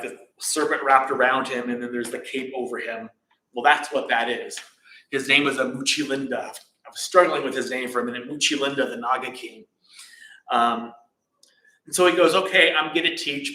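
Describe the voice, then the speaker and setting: A man giving a casual dharma talk in a temple hall, relaxed and chatty, with many fillers and restarts. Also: mid-range voice, normal speed. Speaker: temple teacher. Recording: echoey hall.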